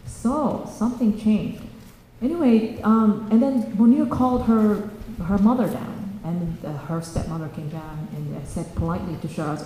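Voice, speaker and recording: In an echoey church hall, a woman tells a children's story, halting often and restarting her sentences amid many fillers. Her voice is mid-range and mellow, with slight background noise.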